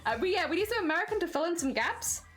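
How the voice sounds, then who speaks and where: A woman's voice: very high voice, sing-song, rapid-fire, fairly bright tone, faint music behind. A British woman chatting casually on a live stream, playful and giggly as she reads and answers chat. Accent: British English. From Britain.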